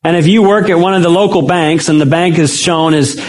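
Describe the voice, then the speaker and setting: A man's voice: fairly high pitch, a little fast, low-quality recording. A man teaching a Bible study as a sermon, conversational and often putting questions to his audience. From United States.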